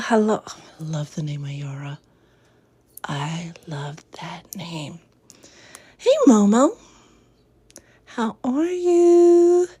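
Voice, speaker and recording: A woman hosting a spiritual livestream, greeting viewers by name with drawn-out hellos and slipping into soft whispered affirmations. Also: medium pitch. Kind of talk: casual livestream chat.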